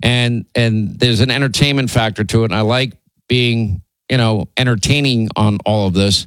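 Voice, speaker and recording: Male radio host, indignant and rambling, mid-pitched, dry close mic. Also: moderate pace, a bit bright, no room sound. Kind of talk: talk radio commentary.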